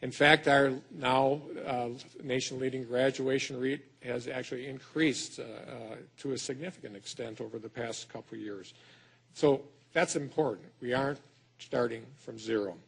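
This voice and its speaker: A man's voice: medium pitch, steady tone, normal speed, creaky, fairly bright tone, breathy edge. A middle-aged man from Wisconsin with a Wisconsin accent, giving a folksy, self-deprecating conference speech as a state schools superintendent, with many fillers and restarts. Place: lecture hall.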